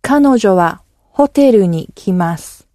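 A woman's voice: medium pitch, a little slow, dry recording, clean studio sound. Woman native Japanese speaker, level delivery. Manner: level, even delivery of model phrases.

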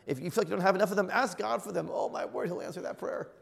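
A middle-aged man, a bishop, teaching in an earnest, emphatic sermon style that surges to loud exclamations. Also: sits high, very animated, very fast, vocal fry, noisy background. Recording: long reverb of a large hall.

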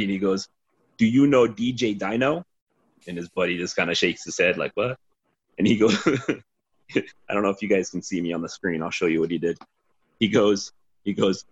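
Husky low-voiced man telling stories. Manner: rambling, swearing, laughing storyteller. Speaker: podcast guest, former team DJ. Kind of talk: casual storytelling. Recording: dull lo-fi sound.

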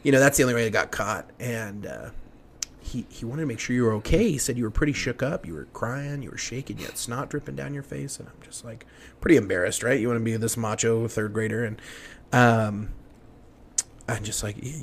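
A man in his young adult years tells a story on a podcast, circling back through fillers and restarts. His voice drops to a near hush at the fearful moments. A faint hum of noise sits behind him. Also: mid-range voice, brisk, gravelly. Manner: rambling, many fillers and restarts, hushed when retelling fear. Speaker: podcast guest. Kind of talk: casual storytelling.

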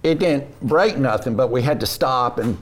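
A man telling a rodeo story in a casual, folksy, animated way. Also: mid-range voice, normal speed, slight background noise. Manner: folksy drawl, animated retelling.

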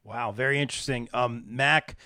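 A man hosting a live podcast interview, excitable and reading out comments from the chat. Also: mid-range voice, moderate pace, dry recording. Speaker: podcast host.

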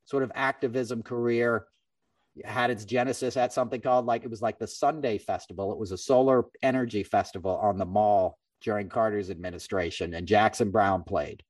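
A middle-aged man hosting a podcast, telling a story in a casual, animated way and acting out other people's lines. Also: lowish voice, a little fast, few pauses, dry recording, distant mic. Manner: animated, acts out quoted voices. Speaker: podcast host.

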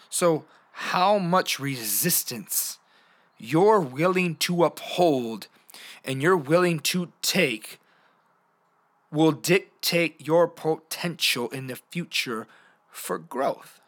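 A man hosting a motivational podcast, talking in an animated, playful way that jumps between hushed and loud. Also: on the high side, measured pace. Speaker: podcast host.

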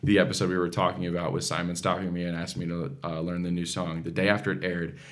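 A young man with a fairly low voice, talking as a singer being interviewed. He tells his stories with lively energy and enthusiasm. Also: fast. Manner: enthusiastic storyteller, animated. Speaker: singer, talent show contestant. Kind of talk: interview guest.

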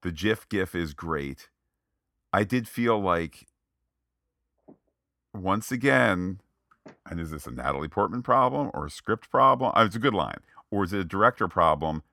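Deep-voiced man talking movies. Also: moderate pace, long pauses, no echo, studio quality. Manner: animated, acts out quoted lines. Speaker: podcast co-host. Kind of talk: casual movie review chat.

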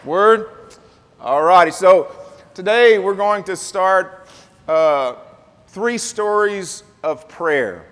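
A man preaching a sermon at an unhurried pace, his voice pitched fairly high for a man. He draws the congregation into call-and-response. The sound carries a long reverb of a large sanctuary. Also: animated, a bit bright. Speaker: pastor.

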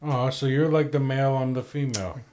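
A man's voice: mid-range voice, brisk, noisy background. A man co-hosting a comedy podcast, talking in casual, profane, joking banter. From Akwesasne. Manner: profane, joking, puts on silly accents. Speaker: podcast co-host.

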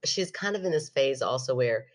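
A woman podcast host telling a story in casual chat, animated, laughing often and acting out what people said. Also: very deep voice, normal speed.

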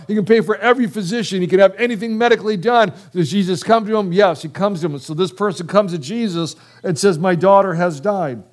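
A male pastor preaching a sermon in an animated, conversational way, acting out biblical dialogue and using casual slang. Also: high-pitched. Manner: casual slang, quick bursts.

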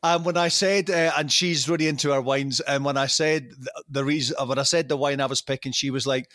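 A man's voice: medium pitch, steady tone, a little fast, few pauses, sharp tone, no room sound. A Scottish man chatting as a podcast guest, telling stories with fillers and laughs. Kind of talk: casual podcast chat.

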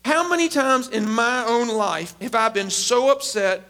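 A man preaching a sermon as a pastor, emphatic and animated. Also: very high voice, a little slow. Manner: animated, emphatic, acts out quotes.

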